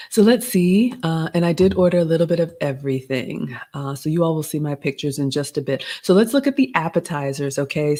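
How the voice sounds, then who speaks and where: A middle-aged woman, a little raspy today, hosting a casual live stream and chatting through a menu with etiquette tips. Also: sits low, a little mellow. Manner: chatty, gives etiquette tips, addresses viewers as y'all. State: slightly raspy. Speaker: host of a live stream reviewing a restaurant menu.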